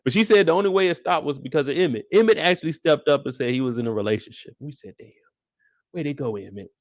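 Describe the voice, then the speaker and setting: A young man giving a casual live recap of a TV episode, talking in animated, slangy, profane banter. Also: on the high side, rapid-fire, no echo, studio quality. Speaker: show recap host.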